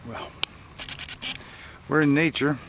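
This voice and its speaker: Far from the camera mic, a middle-aged man speaks slowly in a fairly high, steady voice while vlogging alone at an outdoor campsite. He rambles casually with many fillers and restarts, and the noisy camera audio includes autofocus clicks.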